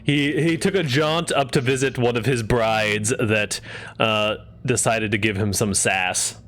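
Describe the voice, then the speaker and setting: Slow-talking man running the game. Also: medium pitch, fairly even intonation, fairly bright tone. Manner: hesitant, many fillers. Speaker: game master. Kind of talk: narrating a tabletop game.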